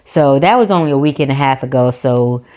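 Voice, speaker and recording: A North Carolina nail vlogger chats casually over background guitar music, rambling through a story full of restarts and self-corrections. Her voice is extremely low-pitched and darkish, and she speaks in an animated, fairly quick way.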